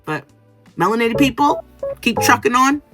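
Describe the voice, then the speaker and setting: A woman vlogger telling a story in casual monologue, animated and acting out other people's lines, often restarting her sentences. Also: on the high side, moderate pace, soft background music. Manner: animated, acts out quoted voices; restarts and trails off mid-sentence.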